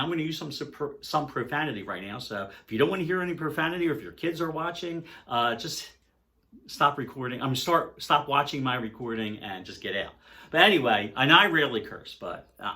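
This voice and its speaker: An older man telling a concert story to camera in a casual, animated way. He swings from loud excitement to hushed dread. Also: mid-range voice. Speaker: music vlogger.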